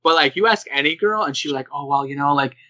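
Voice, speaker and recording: Bright-voiced young man chatting on a podcast. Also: fairly high pitch, quick pace, no echo, poor audio. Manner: animated storyteller who slips into quoted voices. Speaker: podcast co-host. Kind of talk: casual podcast chat.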